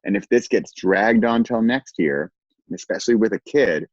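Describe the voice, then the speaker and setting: A man with a deep, low voice talks in a relaxed, lively way, laughing often and acting out little quotes. The sound is dry and muffled, like a video call. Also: normal speed, no room sound. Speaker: guest. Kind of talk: casual conversation.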